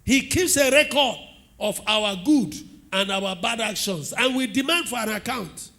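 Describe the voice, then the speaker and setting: A middle-aged Nigerian man preaching, his voice pitched very high for a man and ringing bright. He tells stories with animation and keeps asking the congregation questions. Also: a little slow, vocal fry. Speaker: pastor. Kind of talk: sermon.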